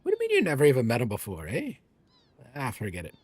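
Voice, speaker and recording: A man's voice: mid-range voice, huge pitch swings, fast, a little mellow, husky. A man voicing a brash young female thief with a put-on Cockney accent and cocky, slangy banter.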